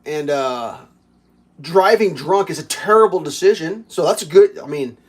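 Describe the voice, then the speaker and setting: This livestream host cooks breakfast while telling a rambling, laughing story peppered with swearing. His voice runs fairly high, expressive and a bit breathy, at a normal pace.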